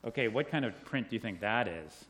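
A middle-aged man telling children a story, animated, asking them questions and laughing along with them. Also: lowish voice, brisk, very noisy. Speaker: children's talk leader. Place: indoors with a group of children.

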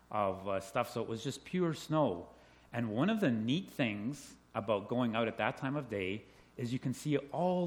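A middle-aged man telling children a story, animated, asking them questions and laughing along with them. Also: medium pitch. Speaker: children's talk leader. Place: indoors with a group of children.

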